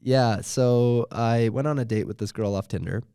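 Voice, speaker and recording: Mellow-voiced joking man, dry sound. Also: mid-range voice, clean tone, no room sound. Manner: joking, quick quips, short agreeing replies. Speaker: podcast co-host. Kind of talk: casual chat.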